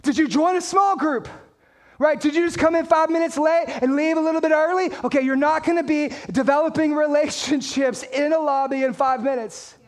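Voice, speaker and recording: A man preaching a sermon as pastor, energetic and conversational, asking the congregation questions and reading scripture aloud. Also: very high-pitched, brisk.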